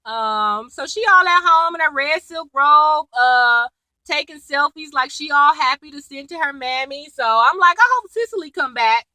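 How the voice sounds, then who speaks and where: A woman's voice: sits high, a little slow, dry recording, poor audio. A woman, chatting casually as she recaps a TV episode, acting out lines as she goes. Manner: chatty, animated retelling with quoted lines and laughs. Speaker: TV recap vlogger.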